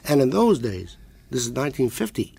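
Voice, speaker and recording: An older man with a gravelly, mid-pitched voice, chatting as a guest about his days as a radio actor. He rambles through his stories with lots of ums and restarts, and briefly acts out the voices of the people in them. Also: big pitch swings, brisk, a little mellow, slight background noise. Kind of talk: casual anecdotal chat.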